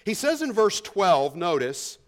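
A pastor preaching an expository sermon in a conversational, emphatic way, often asking the congregation rhetorical questions. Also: male voice, sits high, very animated, measured pace.

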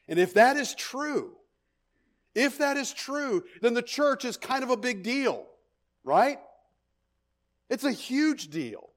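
A middle-aged male pastor delivers a sermon in a fairly high voice. He preaches with emphasis, repeats his key phrases and keeps checking in with the congregation.

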